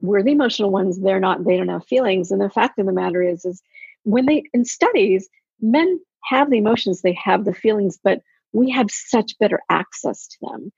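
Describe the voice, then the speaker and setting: A woman coaching in casual podcast chat, telling animated stories and acting out quotes. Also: medium pitch, moderate pace, gravelly, slightly rough, dry recording. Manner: animated storyteller, acts out quotes. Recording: dull, dry lo-fi sound.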